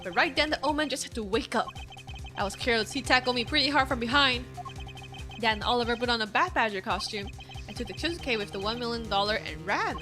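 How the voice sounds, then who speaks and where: A woman's voice: on the high side, fast, sharp tone, faint music behind. A woman voicing a nervous young man who stammers and hesitates as he is caught out, in a video game.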